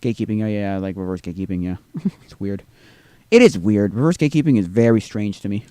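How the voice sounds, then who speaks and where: A man's voice: fairly low pitch, fast talker, mellow, dry recording. A man streaming a video game live, rambling to himself with tag questions and drifting into exasperated rants. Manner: exasperated ranting. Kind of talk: live gameplay commentary.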